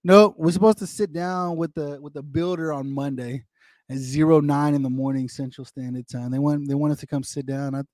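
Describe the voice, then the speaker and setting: Livestream host, man in his forties, slightly high voice, dry close sound, rambling, repetitive chat. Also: fairly even intonation, brisk, a little mellow, no echo. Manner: rambling, repetitive, addresses viewers by name. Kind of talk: casual livestream chat reading viewer comments. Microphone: desktop microphone.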